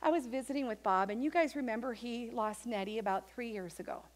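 A woman pastor preaching a sermon in an animated, emphatic storytelling manner. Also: on the high side, a little fast.

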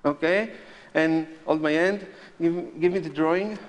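Mentalist guy on stage, kinda high voice, joking and nervous, big hall echo, some noise. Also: measured pace. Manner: joking, nervous, non-native phrasing. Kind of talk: live stage performance with audience volunteers. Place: large theatre stage before a live audience. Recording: live stage sound with long hall reverb and audible noise.

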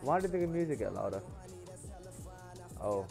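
A man giving excitable live commentary on his game stream, yelling and laughing as he teases other players. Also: mid-range voice, a little slow, creaky, over music.

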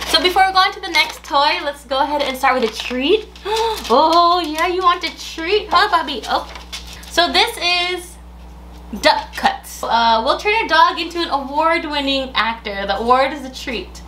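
Woman, high and bright, casual unboxing chat, sing-song baby talk to a dog. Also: a little hiss or hum. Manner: gasps and laughs as she chats. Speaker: dog owner unboxing a pet subscription box.

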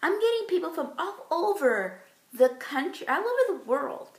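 A woman's voice: high voice, very animated, normal speed. A woman beauty vlogger talking casually through a makeup tutorial, chatty and giggly with plenty of fillers.

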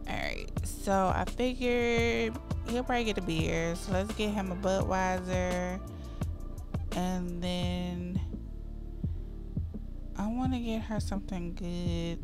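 Slow-talking chatty woman gamer. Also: on the low side, music in the background. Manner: chatty, expressive, gets heated and dramatic. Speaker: gaming creator. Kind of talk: casual gameplay commentary.

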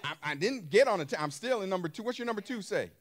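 Animated preacher man, high and lively. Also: fast talker. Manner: emphatic, rhetorical questions to the congregation; loose colloquial speech. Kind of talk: sermon.

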